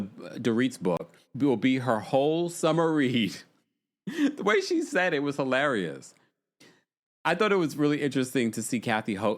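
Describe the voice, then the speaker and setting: A man hosting a casual livestream, chatting about reality TV and reading viewer comments aloud. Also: lowish voice. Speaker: livestream host.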